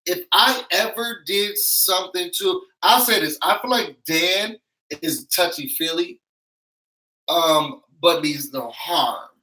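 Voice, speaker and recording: A man giving an animated, sassy recap of a reality show, acting out what others said with emphatic asides to his viewers. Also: sits high, slow, low-quality recording. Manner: sassy, emphatic, acts out quotes. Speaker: YouTube reality-show reviewer.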